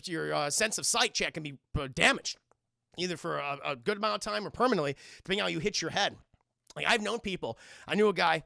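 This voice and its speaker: Man, streamer, film recap, profane, excitable, bright tense voice, dry close sound. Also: on the high side, gravelly, no echo. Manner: profane, excitable, keeps addressing the chat. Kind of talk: casual film recap to a live chat.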